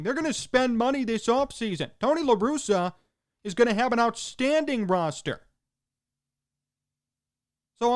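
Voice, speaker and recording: A sports talk show host with a high, smooth voice delivers an emphatic opinion monologue. He speaks in punchy short sentences that he repeats.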